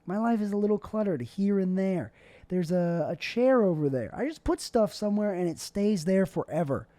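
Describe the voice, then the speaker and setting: A man's voice: high voice, lively intonation, normal speed, warm tone, no echo. A young man hosting his own show, rambling casually from his bedroom at home, joking and putting himself down. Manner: rambling, self-deprecating, jokey. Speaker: show host. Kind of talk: casual solo vlog monologue.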